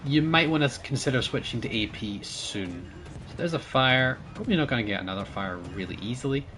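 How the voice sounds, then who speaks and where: A man's voice: mid-range voice, expressive, fairly quick, sharp tone, soft background music. A man streaming a naval battle game, chatting with his viewers and teammates, thanking supporters and laughing often as he plays. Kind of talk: casual gameplay commentary.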